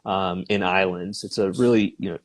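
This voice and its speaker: A man's voice: low-pitched, steady tone, moderate pace. A young man in his twenties with a Boston accent, a real estate agent answering interview questions in a laid-back way, with many ums and you-knows. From Boston area, USA. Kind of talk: casual interview conversation.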